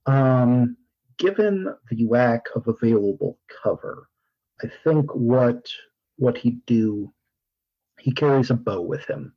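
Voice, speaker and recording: A man playing a tabletop game, laying out his character's moves in a measured, planning way at a middling pitch. His audio sounds dull and lo-fi. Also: lively intonation. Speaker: player.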